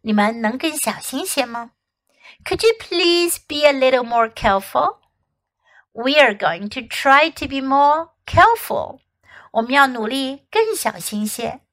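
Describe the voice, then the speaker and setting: A woman leading a language lesson, speaking each phrase carefully and then repeating it. Her voice is high and bright, and she takes the phrases slowly. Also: lively intonation. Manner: clear, careful repetition for learners. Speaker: English teacher.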